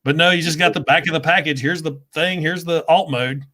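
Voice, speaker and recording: The host, a man with a fairly high voice and fairly quick delivery, chats casually with another creator. Talkative and quick to laugh, he becomes animated during his stories.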